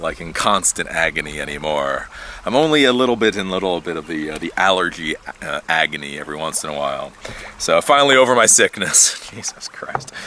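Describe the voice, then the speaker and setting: Outdoors, a tech YouTuber rambles through a casual, animated monologue vlog on his own channel, cursing and laughing at times. His voice is low-pitched and sharp, and a faint hiss or hum sits under it.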